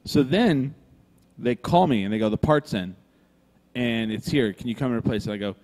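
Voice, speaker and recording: A man's voice: mid-range voice, moderate pace. A man recorded live in a brewery room with long reverb trailing his voice. He tells a rambling story casually, swearing freely and putting on the other people's lines as he goes. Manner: animated, swears freely, acts out quoted voices. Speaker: podcast co-host telling a story.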